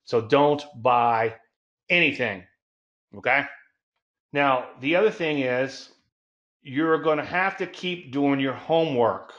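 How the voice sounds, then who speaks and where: A man hosts his own trading talk show in a folksy, emphatic manner. He slows down to lean on key words and chuckles at his own jokes, with his voice sitting at an ordinary middle pitch. The recording is a little dull and lo-fi. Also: a bit bright. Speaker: trading educator and show host. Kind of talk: solo market talk show.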